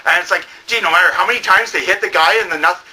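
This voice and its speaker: A man playing a manic bum movie reviewer who rambles in a comedic review, full of fillers, and sometimes bursts into shouting. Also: high voice, quick pace, low-quality recording. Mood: rambling.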